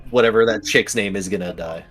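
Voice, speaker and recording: A man co-hosting a casual podcast book chat, joking and swearing, sinking his voice low and quiet for punchlines. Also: a little fast, husky. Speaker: podcast co-host.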